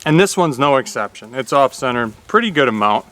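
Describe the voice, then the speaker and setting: A man's voice: mid-range voice, animated, brisk, pushed and bright. A man casually talking through a new axe on his vlog, plain-spoken and chatty with a folksy manner. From Upper Michigan. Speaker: YouTube host reviewing an axe.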